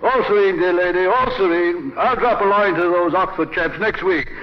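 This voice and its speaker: An actor with an upper-class English accent playing a bumbling, hearty country squire in a 1950s radio drama, on a dull old broadcast recording. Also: male voice, high-pitched, moderate pace, close to an everyday voice. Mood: blustering. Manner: hearty, blustering, tossing off tags like "you know" and "what".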